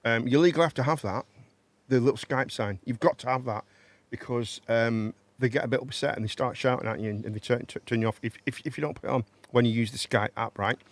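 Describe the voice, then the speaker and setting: A man's voice: medium pitch, fast talker, dry recording. A man hosting a casual live-stream chat show. He rambles, repeats his words and banters with his guests.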